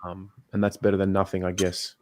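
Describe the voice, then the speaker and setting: A man on a podcast speaks hesitantly, searching for words with lots of ums. His voice sits low. The sound is dry and close. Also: completely flat delivery, a little fast, no echo. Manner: hesitant, many fillers and restarts. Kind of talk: casual podcast chat.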